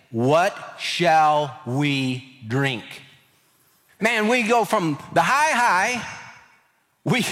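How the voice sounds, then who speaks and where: Male pastor, slightly high voice, expressive sermon delivery, long hall reverb. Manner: animated, acts out scripture voices with rising pitch.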